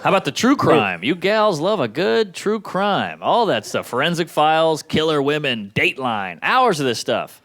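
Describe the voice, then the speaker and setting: A man performing a stand-up comedy set, delivering wry, deadpan punchlines to a live audience. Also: fairly high pitch, moderate pace, few pauses.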